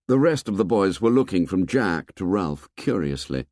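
A man narrating an audiobook with expressive storytelling. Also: sits low, normal speed, few pauses, dry recording, clean studio sound. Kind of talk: scripted narration.

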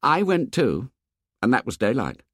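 Brief: a bristling boy leader with a tight, challenging voice, read by a man, pitched above his own voice, very lively delivery. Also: measured pace, husky, dry recording, studio quality. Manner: hot, clipped, challenging. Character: tense, proud boy leader, quick to sneer.

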